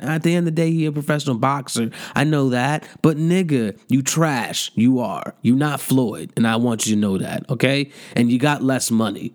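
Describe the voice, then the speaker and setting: A young man ranting in a mocking, profane comedic monologue, jumping into high incredulous outbursts. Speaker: comedic commentator.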